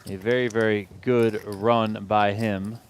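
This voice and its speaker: A man calling poker hands play-by-play in a calm, steady manner. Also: fairly low pitch, slow pace, slight background noise. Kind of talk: live poker commentary.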